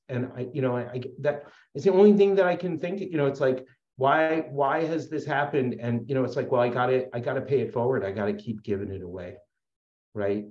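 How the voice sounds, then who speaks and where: A man talks a little fast in a mid-range voice as he shares at a recovery support meeting. He is earnest yet rambling, full of fillers and restarts, and the audio is dull and roomy.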